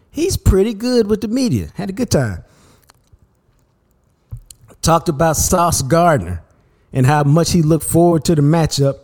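A man hosting a sports podcast in a casual, animated, slangy style. His voice is warm and relaxed, pitched in the ordinary middle range for a man.

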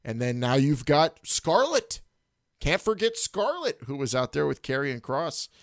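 A man hosting a casual wrestling podcast, animated and jokey, swearing freely and jumping up in pitch when excited. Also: a little slow, no room sound, clean studio sound. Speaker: podcast host.

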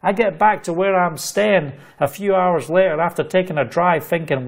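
A man's voice: sits high, normal speed, vocal fry. A middle-aged man preaching a livestreamed sermon, fervent and storytelling, repeating phrases for emphasis.

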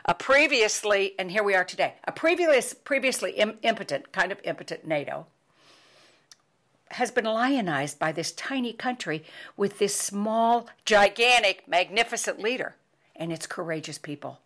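An older American woman hosting a podcast, speaking in an emotional, pleading monologue that swings from loud emphasis to hushed near-whispers. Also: mid-range voice, lively intonation, normal speed. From United States. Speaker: podcast host.

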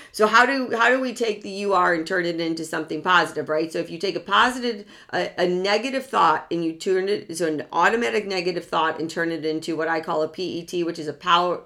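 In a motivational talk to an audience, a woman with a sharp tone and a voice on the low side speaks earnestly and directly about self-help. She circles back on key words and repeatedly poses questions to her listeners before answering them herself.

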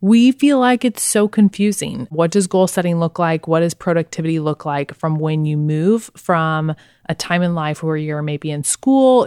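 A woman's voice: low-pitched, a little mellow, clear, resonant tone, dry recording, studio quality. A young woman co-hosting a podcast, chatting in an upbeat, enthusiastic way. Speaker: podcast co-host. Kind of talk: casual chat.

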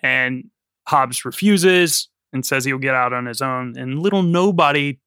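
A man with a bright, ringing voice and a middling pitch, chatting through a film plot on a podcast. He swears freely and laughs often. The sound is close and dry. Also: unhurried, clear, resonant tone, no echo. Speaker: podcast co-host. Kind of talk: casual film recap chat.

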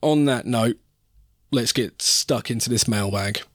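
A man's voice: mid-range voice, a little slow. A man co-hosting a casual sports podcast, chatting and joking. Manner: banter, swears casually. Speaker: podcast co-host.

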